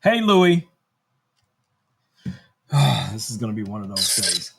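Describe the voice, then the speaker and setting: A man's voice: fairly low pitch, very animated, slow, creaky, very noisy. A man hosting a casual live-stream tech demo from his studio, chatty and thinking aloud as he works. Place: home studio.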